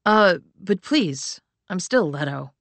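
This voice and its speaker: A woman's voice: fairly low pitch, expressive, slow, fairly bright tone, no room sound, exaggerated voice. A woman voicing a shy, sheepish young man who speaks hesitantly.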